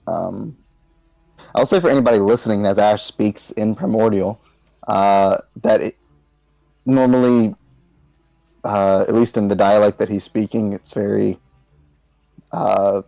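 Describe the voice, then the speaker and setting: A man playing in a tabletop game, explaining things slowly with fillers. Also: fairly low pitch, fairly even intonation, gravelly, warm tone, dry recording, poor audio. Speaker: player. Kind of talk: casual tabletop game talk.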